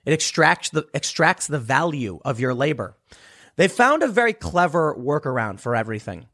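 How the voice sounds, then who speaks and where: A man's voice: medium pitch, fairly bright tone. A man delivering a sarcastic political commentary monologue, emphatic and mocking his opponents.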